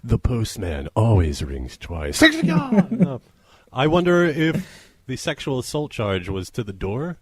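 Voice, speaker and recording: A man's voice: mid-range voice, huge pitch swings, takes it slowly, breathy edge, no echo. A man co-hosting a casual comedy podcast, reading odd news aloud and laughing often. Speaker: podcast co-host.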